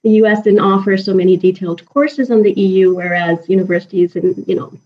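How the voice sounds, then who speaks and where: Woman guest, animated storyteller, laughs a lot, muffled lo-fi call audio, talking from home. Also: mid-range voice, quick pace, distant mic. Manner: animated, laughs often, acts out dialogue. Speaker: podcast guest. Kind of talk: conversational storytelling. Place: her home.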